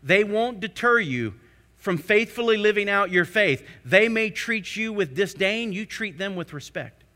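Forceful preacher man with a bright voice. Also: lively intonation, a little slow. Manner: asks the congregation rhetorical questions; builds to emphatic peaks then drops low. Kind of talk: sermon.

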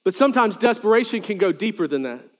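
A male pastor preaching a sermon, animated, with joking asides and sudden loud quoted lines. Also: high voice, quick pace, big-room sound.

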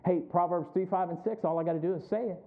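A male pastor preaches a sermon quickly in a high, steady voice, making emphatic, rising calls and frequently questioning the congregation. The sound is tinny, like a phone.

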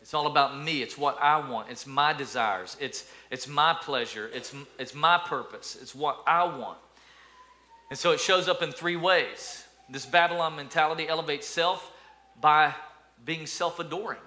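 Male pastor, bright voice, animated sermon delivery, acts out quoted attitudes. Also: on the high side, moderate pace.

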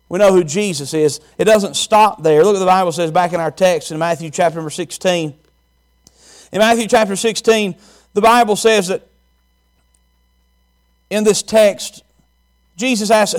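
A man preaching a folksy, animated sermon and quizzing the congregation. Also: high-pitched, normal speed, long pauses. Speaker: pastor.

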